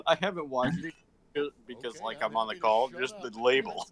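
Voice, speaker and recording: A man's voice: mid-range voice, normal speed, crowd noise. A man on a voice call, chatting with friends and laughing in the middle of his sentences. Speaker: guest player on a call. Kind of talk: casual chat on a game stream.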